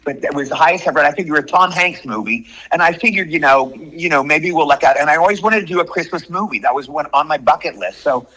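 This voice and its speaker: Man in his 60s, actor guest, quick husky delivery, retells stories with repeats. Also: on the high side, rough recording. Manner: animated, repetitive storytelling. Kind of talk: storytelling in an interview.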